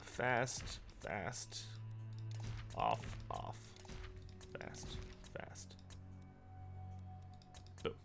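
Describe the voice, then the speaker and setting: A man's voice: fairly low pitch, very animated, extremely slow, vocal fry, long pauses, over music. A man streaming a strategy game, chatting casually, thinking aloud and answering viewer questions. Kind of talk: casual gameplay livestream commentary.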